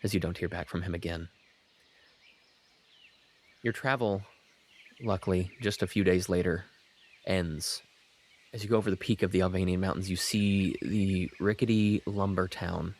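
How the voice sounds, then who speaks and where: Deep-voiced man narrating a tabletop game. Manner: descriptive, steady narration. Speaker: game master.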